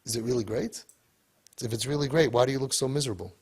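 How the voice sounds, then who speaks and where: Husky-voiced man giving an animated talk. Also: medium pitch, fast. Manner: animated, repetitive, rhetorical questions. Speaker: speaker to parents. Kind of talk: motivational talk.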